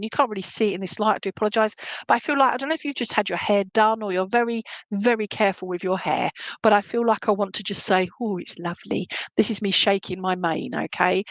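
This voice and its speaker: A woman's voice: mid-range voice, dry recording. Chatty woman with a dry close mic. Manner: chatty, hesitant, many ums, calls people "my lovely". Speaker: psychic medium giving live readings. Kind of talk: casual live-stream reading.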